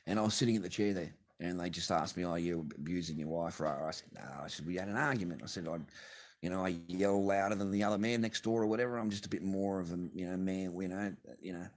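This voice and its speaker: A man's voice: sits low, fast. An Australian man vlogging from his garage, telling a rambling, swear-filled story with bursts of laughter. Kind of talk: casual profane rant to camera. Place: home garage.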